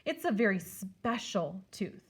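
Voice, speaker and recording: A woman's voice: mid-range voice, big pitch swings, a little slow, husky, exaggerated voice. A woman voicing an old male poet who is kindly and wise, in a storybook read-aloud.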